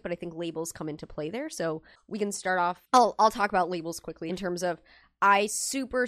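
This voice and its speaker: A woman's voice: medium pitch, a bit bright, dry recording, studio quality. A young woman hosting a casual group discussion over an online call, talking earnestly and rambling with restarts. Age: young adult.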